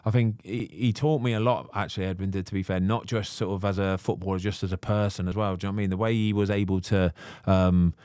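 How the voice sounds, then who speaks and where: A man's voice: sits low, quick pace, few pauses, no room sound, clean studio sound. A middle-aged man, chatting as a podcast guest and acting out quoted voices in his stories. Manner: chatty and animated, acts out quoted voices in anecdotes. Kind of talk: casual chat.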